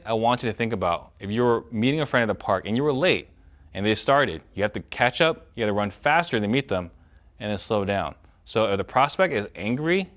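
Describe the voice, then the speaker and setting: Low-voiced man coaching sales trainees. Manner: direct, coaching tone, acts out prospect lines; shifts loudness and pace to demonstrate points. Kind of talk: recorded training lesson.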